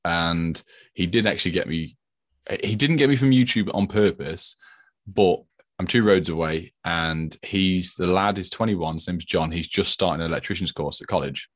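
A man's voice: low voice, moderate pace, no room sound, studio quality. A man, co-host of a podcast, telling rambling stories in casual chat. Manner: chatty, rambling storyteller.

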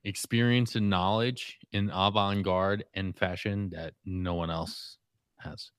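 Deadpan low-voiced podcast co-host. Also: male voice, slow pace, clear, resonant tone, dry recording, studio quality. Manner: deadpan, self-mocking boasts. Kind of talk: casual banter.

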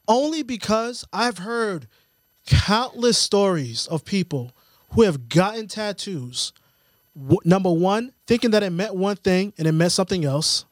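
A man co-hosting a sports podcast, explaining things in a measured, playful way. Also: high voice, dry recording. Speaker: podcast co-host. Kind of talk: casual sports chat.

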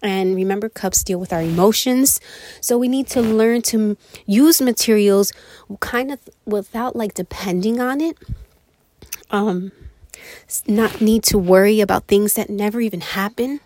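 A woman's voice: mid-range voice, measured pace, darkish tone, dry recording. A woman hosting an online radio show, giving a casual tarot reading in a chatty way, a little out of breath. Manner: chatty, with fillers like "you know" and "um".

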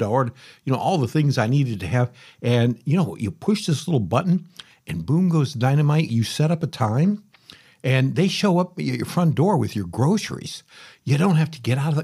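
Rambling folksy man with a husky voice. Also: medium pitch, a little mellow. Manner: rambling, folksy, self-interrupting. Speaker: podcast host. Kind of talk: casual storytelling monologue.

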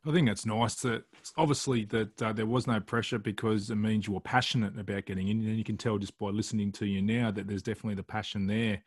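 A man hosts the interview, talking fast in a low, husky voice. His questions ramble in a friendly way, and the sound is close and dry. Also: fairly even intonation, dry recording. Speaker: interviewer, host. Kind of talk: casual interview.

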